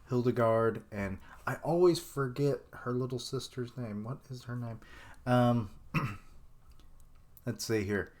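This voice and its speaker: A man's voice: medium pitch, a bit bright. A young man giving casual live reaction commentary on a manga chapter, rambling with lots of fillers and chuckles.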